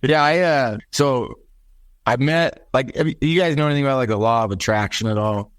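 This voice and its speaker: A man's voice: mid-range voice, a little fast, no room sound, studio quality. A young American man with an American accent, a guest chatting in a friendly, loose way. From United States. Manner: friendly, casual, says dude and like a lot. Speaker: podcast guest. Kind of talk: casual interview chat.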